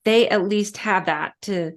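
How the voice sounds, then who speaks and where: A woman's voice: medium pitch, a little slow. A middle-aged woman speaking as a guest in a casual interview, chatty and storytelling with frequent fillers. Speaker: guest, respiratory therapist.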